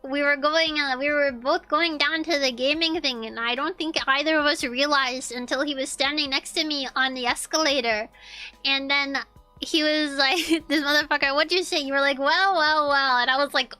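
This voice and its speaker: Young woman streamer, high bright voice, animated and profane casual storyteller, faint music under her. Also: moderate pace. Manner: animated, swearing, repeats lines, laughs often.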